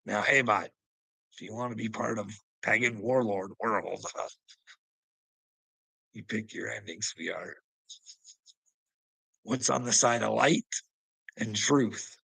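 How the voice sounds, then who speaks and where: A man delivering a preachy, taunting rant at a rival, laughing mockingly, swearing, and swinging between loud outbursts and low mutters. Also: slow, vocal fry, pauses often, husky, dry recording, low-quality recording. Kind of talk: ranting monologue to a rival streamer.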